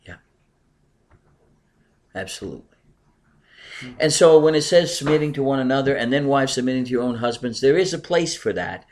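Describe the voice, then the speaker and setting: A middle-aged pastor preaching earnestly to a congregation, pressing his points with emphasis, then dropping to quieter asides. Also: medium pitch, expressive, normal speed, long pauses. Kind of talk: sermon with congregation replies.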